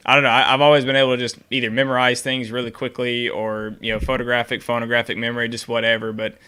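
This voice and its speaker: A man's voice: medium pitch, little pitch movement, fast talker, pushed and bright, clear, resonant tone. A man co-hosting a whiskey talk show, chatting casually and telling rambling stories. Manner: rambling, self-interrupting storyteller. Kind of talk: casual chat.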